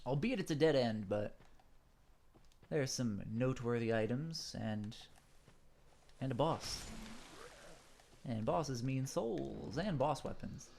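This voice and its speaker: A man's voice: medium pitch, expressive, takes it slowly, gravelly, pauses often, a little mellow, slight background noise. A man commenting casually on his own gameplay, a little stuffed up, rambling with many fillers and asides. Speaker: gaming channel host.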